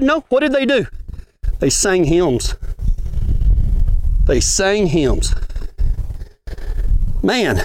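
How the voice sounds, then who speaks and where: A man's voice: extremely high pitch, a little hiss or hum. A man preaching a folksy sermon at a ranch gathering, asking the room questions as he goes.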